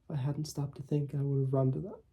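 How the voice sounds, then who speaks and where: A man reads a first-person story in a measured, unhurried way. His voice is very husky and dark, with a gravelly creak and a flat melody. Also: mid-range voice. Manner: measured, with small slips and coughs. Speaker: audiobook reader.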